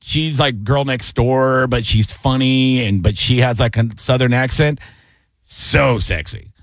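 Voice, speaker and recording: A man's voice: mid-range voice, measured pace, no echo. A man hosting a radio show, joking and teasing in casual banter.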